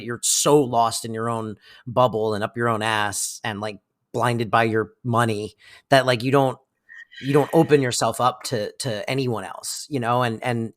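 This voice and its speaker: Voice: medium pitch, a bit bright. A podcast co-host giving a thoughtful, rambling analysis of the show in casual chat. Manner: thoughtful, rambling, many fillers and restarts.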